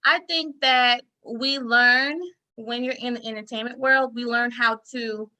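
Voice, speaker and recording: A woman insurance broker, a podcast guest, talking casually and telling stories with lively emphasis. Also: a little high, a little slow, poor audio. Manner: animated storyteller, acts out quoted lines with emphasis. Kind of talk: casual interview talk.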